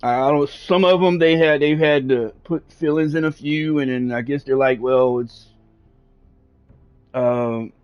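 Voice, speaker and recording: A man's voice: fairly high pitch, normal speed, few pauses, smooth, faint music behind. Man, gaming streamer, casual storytelling, swears a lot, rambling, muffled lo-fi mic. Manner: rambling, profane, frequent fillers. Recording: dull lo-fi sound.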